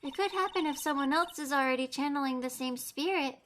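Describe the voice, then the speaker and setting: A woman's voice: sits high, fairly quick, noisy background, pitched above the performer's own voice, close to an everyday voice. A woman voicing an earnest, timid little girl while reading game dialogue aloud, in a small, sincere, childlike delivery. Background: lofi background music.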